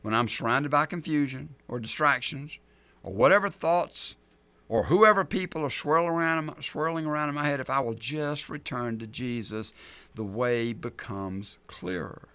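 A middle-aged male pastor preaching a sermon, telling the story in an animated, emphatic way. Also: mid-range voice, normal speed, smooth.

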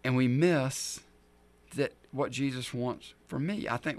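A middle-aged male pastor preaching a sermon, telling the story in an animated, emphatic way. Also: mid-range voice, a little slow.

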